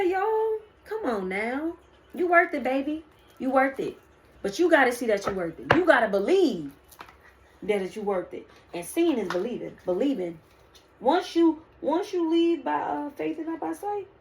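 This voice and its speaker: A woman's voice: fairly high pitch, slight background noise. A woman doing a casual spiritual card reading, preaching to her viewers and calling them "y'all" and "baby". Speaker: spiritual reader.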